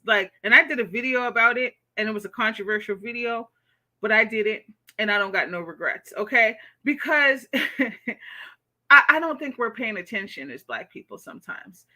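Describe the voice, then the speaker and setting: American woman streaming, bright sharp voice, kinda high, blunt and cussing, keeps saying okay?. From United States. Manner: blunt, profane, animated, repeats "okay?". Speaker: livestream host reading chat. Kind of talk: casual livestream commentary.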